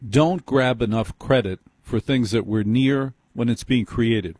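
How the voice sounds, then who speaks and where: A man's voice: medium pitch, darkish tone, no room sound. A man hosting a late-night call-in radio show, wry and teasing, who cuts in on his callers. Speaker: radio talk show host. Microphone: studio microphone.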